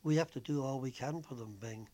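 A man's voice: mid-range voice, a little fast, dark tone, natural voice. Young devoted nurse far from home, wistful and earnest, read by a man in his own voice. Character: young homesick woman nurse, tender and devoted.

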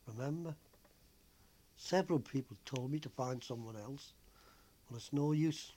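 A man's voice: medium pitch, measured pace, warm tone, a little hiss or hum, close to an everyday voice. Young devoted nurse far from home, wistful and earnest, read by a man in his own voice. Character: young homesick woman nurse, tender and devoted.

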